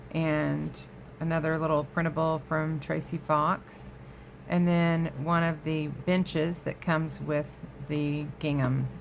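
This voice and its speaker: A deep-voiced woman runs a crafting vlog from her craft room at home, doing a relaxed show-and-tell for viewers and drifting off topic readily. Faint hiss or hum sits under the sound.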